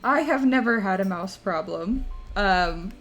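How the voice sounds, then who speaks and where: A woman's voice: medium pitch, expressive, unhurried, a bit bright, soft background music. A young woman streaming live, chatting casually and rambling through stories, often breaking into laughter. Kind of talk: casual chat to a live audience.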